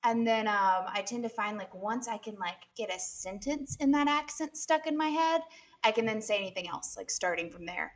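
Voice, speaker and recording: A young woman, an actress guest, chatting on a video call, bubbly and quick to laugh. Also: mid-range voice. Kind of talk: casual interview chat.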